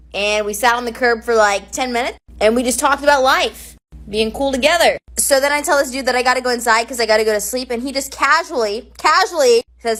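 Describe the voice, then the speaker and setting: A woman's voice: fairly high pitch, a bit bright. A woman casually telling a funny personal story, quoting the people she met. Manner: chatty, quotes people in dialogue.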